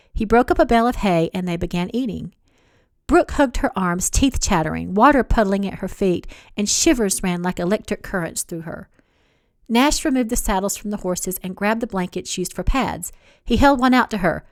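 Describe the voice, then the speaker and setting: A woman's voice: mid-range voice, no echo. Woman narrating a romance, dry close sound. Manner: expressive, dramatic storytelling. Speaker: author reading her own novel. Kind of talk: audiobook narration.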